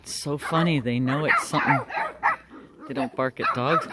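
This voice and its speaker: A woman filming her animals in a backyard, narrating casually and calling out to them in an animated way. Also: low-pitched, normal speed, no room sound. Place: backyard, outdoors. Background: dogs barking.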